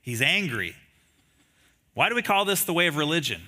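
Male pastor, sermon, very bright tone, slightly high voice, rhetorical questions, animated storytelling. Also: moderate pace. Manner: conversational preaching with frequent rhetorical questions.

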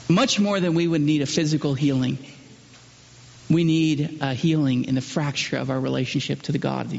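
A male pastor preaching a sermon and asking the congregation questions. He builds to loud, emphatic peaks and drops low and quiet for solemn lines. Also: gravelly, husky. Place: church hall. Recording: muffled sermon recording with long hall reverb.

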